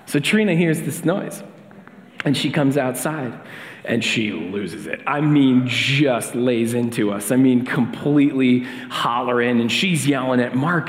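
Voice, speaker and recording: A man's voice: medium pitch, normal speed. A man in his thirties preaching a sermon as a pastor, telling a personal story in a casual, chatty way with fillers and restarts. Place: church sanctuary. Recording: echoey hall with long reverb.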